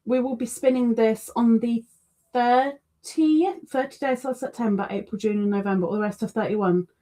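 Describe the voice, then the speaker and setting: A woman's voice: on the high side, moderate pace, mellow. A woman hosting a casual crafting livestream, reading out viewer comments with chatty, self-deprecating asides. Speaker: crochet livestream host.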